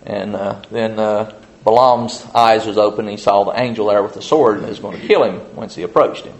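A man's voice: on the low side, brisk, a little hiss or hum. A man teaching a casual Bible study, telling the story in a rambling, folksy way full of "uh" and "you know".

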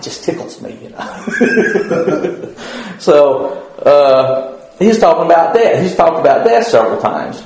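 A man's voice: a little high, creaky, a little mellow. A man giving an informal Bible lesson at church in a folksy, rambling way, with many fillers and restarts. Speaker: Bible study teacher. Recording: very echoey room.

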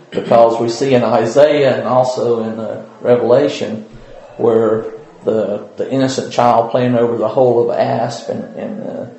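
A man giving an informal Bible study, talking with frequent pauses and "uh"s as he thinks aloud. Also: mid-range voice, creaky, mellow, echoey room, a little hiss or hum, rough recording. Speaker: Bible teacher.

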